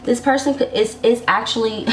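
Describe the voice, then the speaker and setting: A woman's voice: a little high, fairly even intonation, moderate pace, soft background music. A woman giving a casual tarot love reading to her viewers, sassy and chatty, laughing often and talking straight to them. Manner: speaks directly to viewers, reassuring. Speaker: tarot reader.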